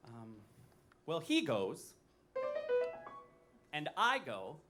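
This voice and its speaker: A man's voice: fairly high pitch, huge pitch swings, very slow, over loud music. Wry man singing cabaret over a band. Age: 30s. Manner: wry, self-deprecating, theatrical. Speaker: cabaret performer. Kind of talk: live cabaret patter and show singing. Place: music venue stage.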